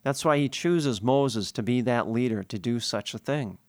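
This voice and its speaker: A man's voice: medium pitch, normal speed, dry recording. A priest giving a sermon, explaining scripture earnestly and posing questions he then answers himself.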